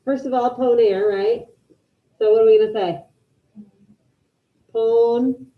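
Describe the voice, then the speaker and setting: A woman teaching a Spanish class online, brisk and encouraging, calling out students by name as she checks their answers. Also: a little high, fairly even intonation, narrow, tinny audio.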